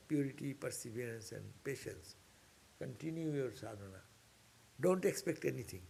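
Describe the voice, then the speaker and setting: A man's voice: on the high side, creaky, a little mellow, breathy edge. A man, a monk, giving an informal scripture class in an earnest, exhorting way that repeats key points. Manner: earnest, repetitive, exhorting, with sudden upward bursts. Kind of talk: informal spiritual class lecture.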